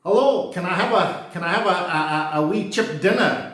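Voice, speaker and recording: A man's voice: high voice, moderate pace, a bit bright, heavy reverb. A man voicing a hungry customer at a chip shop counter in a put-on Glaswegian accent, stammering as he orders. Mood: pleading. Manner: hesitant, stammering.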